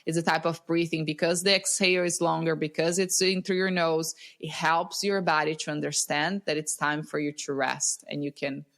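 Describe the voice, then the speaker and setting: A woman who teaches breathwork, a podcast guest explaining simple techniques in a calm, instructive way over a video call. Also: deep voice, normal speed, few pauses.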